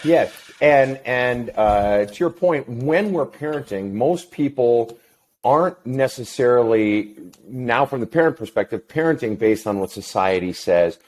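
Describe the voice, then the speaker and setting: A middle-aged man, a counselor talking as an interview guest, telling a story in a blunt, profane and animated way. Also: mid-range voice, a little slow. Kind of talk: casual interview chat.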